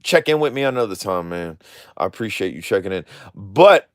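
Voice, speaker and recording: A man's voice: on the low side, sing-song, brisk, no room sound, clean studio sound. A man talking candidly in a live stream, using slangy street speech with clipped words, rambling and swearing freely. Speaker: drone video creator. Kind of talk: casual live-stream chat.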